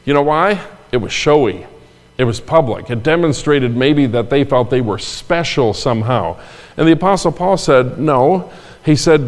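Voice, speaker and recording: A man's voice: on the high side, a little mellow. An older man, a pastor, delivering a sermon in a conversational way, with asides and repeated phrases. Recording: long hall reverb.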